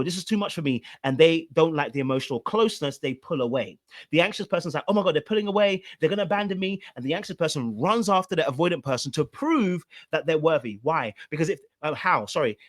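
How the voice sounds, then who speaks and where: A man, a relationship coach, commenting on a played clip and explaining with repeated rhetorical questions. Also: a little high.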